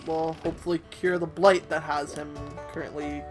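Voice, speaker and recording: A man with a high voice chats through a let's play, halting and self-deprecating and full of ums and likes. Game music plays clearly under his talk. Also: little pitch movement. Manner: hesitant, filler-heavy and self-deprecating.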